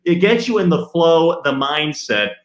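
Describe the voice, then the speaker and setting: A man putting on a smug, self-assured preacher of a voice, low and emphatic, with clipped asides. He talks with total certainty, and the recording has a roomy echo. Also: very animated, measured pace.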